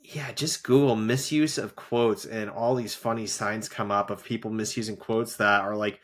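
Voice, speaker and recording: A man's voice: fairly low pitch, steady tone, moderate pace, few pauses, a bit bright. A man co-hosting a casual podcast, talking in rambling runs with many fillers and restarts. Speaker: podcast co-host; teacher who grades essays. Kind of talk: casual rewatch podcast chat.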